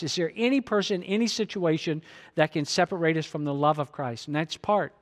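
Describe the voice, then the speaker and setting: A man preaches to a congregation, his voice sitting high for a man. He reads scripture slowly and then drives his points home with growing force, the sound ringing with the long reverb of a hall. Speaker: pastor. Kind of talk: sermon.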